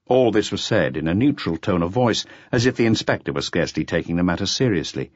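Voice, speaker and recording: A man with a low voice narrates a mystery audiobook in measured, expressive tones. His delivery rises and falls in a lively way. The recording is close, dry and slightly lo-fi. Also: breathy edge, dry recording. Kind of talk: scripted narration.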